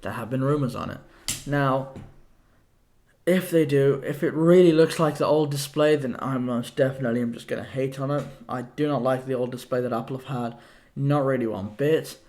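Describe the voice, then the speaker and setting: A man's voice: medium pitch, normal speed, a little mellow. A young man hosting a solo tech podcast, talking casually and rambling with lots of fillers, a little out of breath. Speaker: podcast host.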